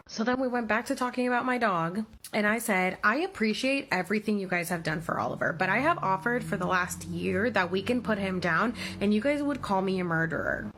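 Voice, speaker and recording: A woman's voice: a little high, fairly bright tone, slight background noise. A woman in her thirties ranting angrily into her own vlog, emphatic and swearing heavily. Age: 30s. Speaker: vlogger. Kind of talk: heated personal story rant.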